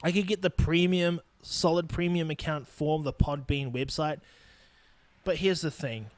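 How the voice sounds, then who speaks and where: A man in his twenties with a New Zealand accent hosts a solo podcast, ranting bluntly and swearing a lot. His voice sits on the high side and moves a little slowly. It's recorded on a studio microphone with no echo.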